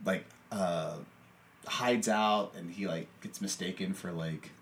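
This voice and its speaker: A fairly low-voiced man talks through a film in a loose, rambling way, piling on fillers and laughing often. He sits back from the mic, and a faint hiss of room noise sits under his voice. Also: takes it slowly, recorded from a distance. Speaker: podcast co-host. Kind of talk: casual movie discussion.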